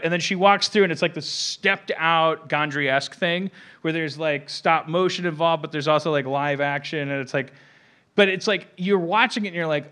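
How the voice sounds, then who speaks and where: A man in his forties hosting a podcast, rambling through casual comedic chat and breaking into loud, shouting impressions. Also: on the high side, moderate pace. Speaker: podcast host.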